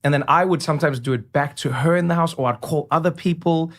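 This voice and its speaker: Animated man telling stories. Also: a little high, quick pace. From South Africa. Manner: animated, slips into voice impressions. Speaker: interview guest. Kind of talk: conversational storytelling.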